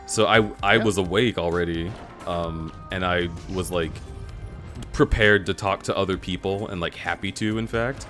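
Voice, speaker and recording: A man chatting casually on a live stream, telling stories with lots of laughter and jumping up high in pitch whenever he quotes someone. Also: normal speed, faint music behind. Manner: animated storyteller, laughs often, jumps high in pitch when quoting others.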